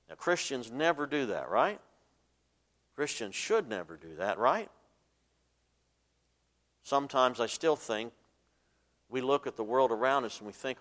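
A man preaching a sermon, swinging between loud emphatic bursts and soft asides, and asking his listeners to fill in the words. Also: on the high side, lively intonation, normal speed. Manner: asks the congregation fill-in questions. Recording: long hall reverb.

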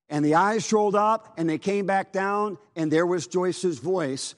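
A man's voice: sits high, unhurried, few pauses. A man preaching, telling a dramatic personal testimony in an earnest voice. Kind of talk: sermon testimony.

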